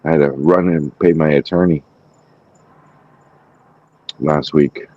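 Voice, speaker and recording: A man's voice: very deep voice, slow pace, highs cut off. A man hosting a podcast, chatting casually and telling a story with lots of swearing. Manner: animated storytelling, acting out quotes, frequent swearing. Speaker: podcast host. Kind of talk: casual chat.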